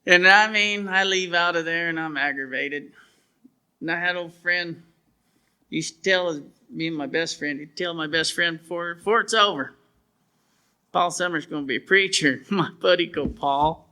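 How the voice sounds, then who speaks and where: A man's voice: a little high, moderate pace, long pauses, bright, forceful tone. A man, telling his testimony at a church revival in a plainspoken, folksy storytelling way. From southwestern United States. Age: 50s. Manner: plainspoken storyteller with rural grammar. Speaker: preacher giving testimony.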